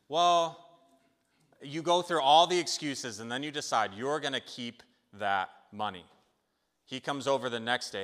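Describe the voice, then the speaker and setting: A man preaching a sermon in a conversational, animated way, telling a story and checking in with the listeners. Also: mid-range voice, measured pace. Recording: long hall reverb.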